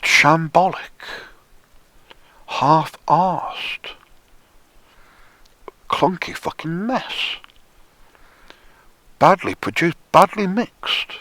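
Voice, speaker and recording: A man delivering a profane, sneering monologue, often dropping into hushed whispers for emphasis. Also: fairly high pitch, extremely slow, long pauses, dry recording. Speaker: conspiracy commentator. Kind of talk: ranting monologue.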